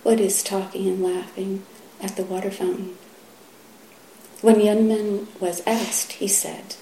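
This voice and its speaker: Slow, gravelly middle-aged woman teacher. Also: medium pitch, little pitch movement, slight background noise. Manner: soft and halting, often sinking to a whisper. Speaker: Zen teacher. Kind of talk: dharma talk. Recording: roomy hall echo, faint ambience.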